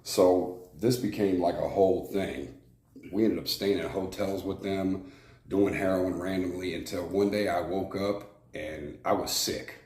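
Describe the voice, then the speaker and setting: A man's voice: low-pitched, fairly even intonation, measured pace, darkish tone. A man from Arizona, a former prison shot caller, telling his life story frankly in an interview, rambling with fillers and restarts. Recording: echoey room with faint noise.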